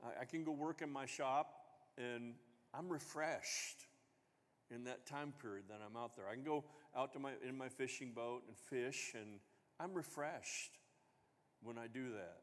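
Male pastor, sermon, conversational, rhetorical questions, mid pitch, long church reverb. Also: measured pace. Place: church sanctuary.

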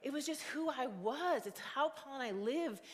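A woman's voice: sits high, expressive, moderate pace. A woman in her forties preaching a sermon as a guest speaker. She is conversational and earnest, with plenty of fillers. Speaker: guest preacher and youth ministry leader. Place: church sanctuary. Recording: long hall reverb.

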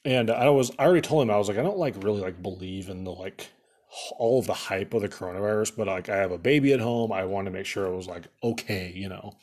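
A man's voice: fairly low pitch, quick pace, a little mellow. A young man host telling rambling stories in a casual podcast chat, saying "like" a lot and laughing at his own jokes. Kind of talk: casual storytelling rant.

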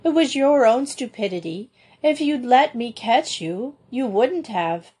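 A woman's voice: fairly high pitch, expressive, measured pace, mellow, breathy edge, pitched above the performer's own voice. A woman reading aloud, voicing an indignant, teasing young woman scolding her younger sister.

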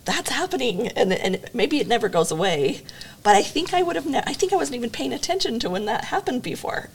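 A woman's voice: a little high, sing-song, a little fast, slightly rough. A woman hosting an interview, asking reflective questions and affirming her guest often. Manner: warm-hearted, frequent affirming backchannels. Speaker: podcast host, interviewer. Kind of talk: conversational interview.

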